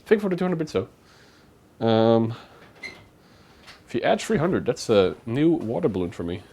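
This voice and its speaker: A man's voice: medium pitch, very animated, moderate pace, dark tone, slightly rough. A man co-hosting a live stream from a home kitchen, chatting casually while he cooks and thanks viewers for donations. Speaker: streamer co-host.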